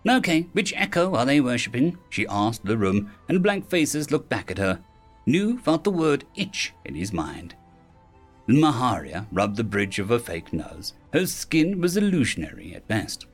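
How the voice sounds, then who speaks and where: A man narrating a fantasy web novel audiobook with expressive storytelling. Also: fairly low pitch, unhurried, faint music behind. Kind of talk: scripted narration.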